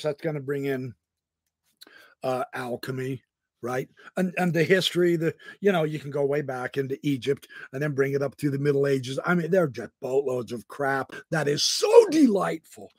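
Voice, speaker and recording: A man with a slightly high voice hosts a live podcast, eating as he talks and reading out viewer topic requests. He jokes at his own expense and speaks with his mouth full. The sound is studio quality, with no room sound.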